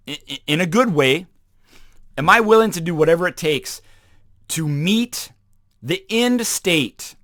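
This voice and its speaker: A man hosting a motivational talk show, telling Army stories in a punchy, emphatic way with sudden loud bursts, often repeating phrases for emphasis. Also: high-pitched, no echo, studio quality. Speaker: podcast host and former Army sniper. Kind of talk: motivational storytelling monologue.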